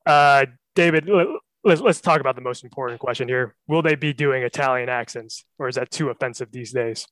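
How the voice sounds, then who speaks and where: A man's voice: mid-range voice, brisk, hardly any pauses, a bit bright, dry recording, rough recording. Male host, wry, steers the panel, dry close mic. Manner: wry, leading questions. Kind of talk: hosting casual news chat.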